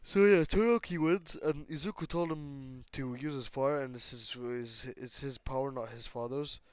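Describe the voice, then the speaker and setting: A man's voice: medium pitch, moderate pace, dry recording. Young man rambling through a story. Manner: rambling, lots of fillers and restarts, acts out lines. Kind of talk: casual chat telling a fan story.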